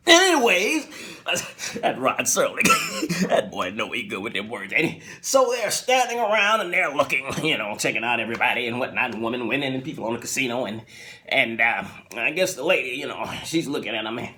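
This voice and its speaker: Guy telling a tv story into his phone, chatty, laughs a lot, bright voice. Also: medium pitch, fast talker. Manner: animated, chatty, laughing often. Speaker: storyteller retelling a TV episode. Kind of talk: casual retelling.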